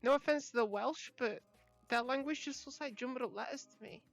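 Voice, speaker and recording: A woman's voice: high voice, a little fast, gravelly, soft background music. A young woman from Britain with an English accent, chatting casually with her livestream viewers and laughing often. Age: young adult. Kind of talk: casual chat reading viewer messages.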